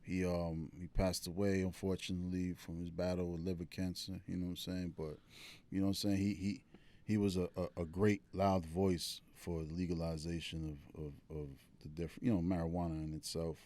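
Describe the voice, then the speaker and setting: A man's voice: sits low, level tone, normal speed, warm tone. A man co-hosting a podcast in casual chat, laid-back, often tagging lines with "man" and "you know what I'm saying". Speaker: podcast co-host.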